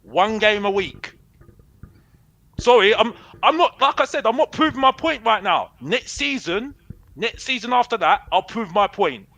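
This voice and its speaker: High-voiced, bright fan ranting. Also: male voice, expressive, unhurried, creaky, no room sound, poor audio. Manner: repetitive, defiant, says bruv a lot. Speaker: fan caller on a football show. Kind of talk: heated fan rant.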